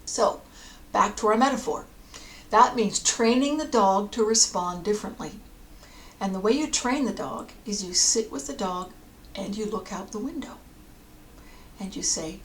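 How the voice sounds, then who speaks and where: A woman counsellor giving a calm, explanatory podcast talk, sometimes dropping to a near whisper. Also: medium pitch, measured pace, long pauses, slight background noise.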